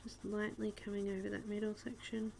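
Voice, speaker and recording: Gravelly-voiced Australian woman chatting softly. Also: mid-range voice, completely flat delivery, brisk, a little hiss or hum. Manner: soft, chatty, reads comments aloud as she works. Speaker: host of a live coloring stream. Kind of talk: casual live-stream chat while coloring.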